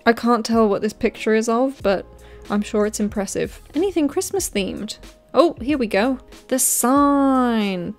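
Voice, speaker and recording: A woman of mid pitch narrates facts in a casual comedic host's voice. She stops often for sarcastic quips and sudden excited gasps, and light music plays softly under her. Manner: reads facts, then breaks off into sarcastic, excited asides. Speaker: video host. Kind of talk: comedic commentary reading facts.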